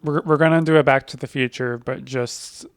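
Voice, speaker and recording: A man's voice: mid-range voice, fairly even intonation, moderate pace, clean tone, dry recording, clean studio sound. A young man co-hosting a podcast, chatting casually and reflectively, often hedging his words. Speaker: podcast co-host. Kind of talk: casual chat.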